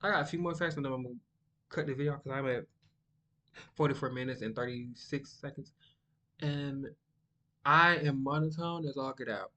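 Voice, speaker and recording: A young man, chatting casually and rambling to the camera, by his own account monotone. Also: medium pitch, normal speed, pauses often. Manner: rambling, sidetracked, self-described monotone. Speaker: vlogger.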